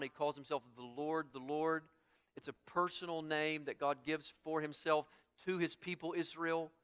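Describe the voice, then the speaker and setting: A man preaching an expository sermon, building to loud emphatic peaks and dropping back to quiet, repeating phrases for weight. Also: mid-range voice. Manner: dynamic, swells loud on key points, drops soft after. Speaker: pastor.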